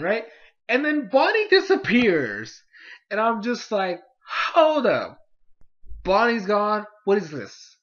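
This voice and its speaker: A young man casually reviewing a cartoon episode, excitable and rambling with lots of fillers. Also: medium pitch, lo-fi sound. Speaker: YouTube anime reviewer.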